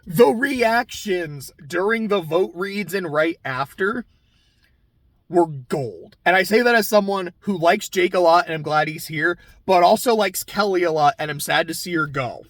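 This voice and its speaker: A man's voice: high-pitched, fairly bright tone, no room sound. Man, tenor-ish, dry close sound; candid chatty recapper who swears freely. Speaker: reality TV recap host. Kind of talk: casual episode recap commentary.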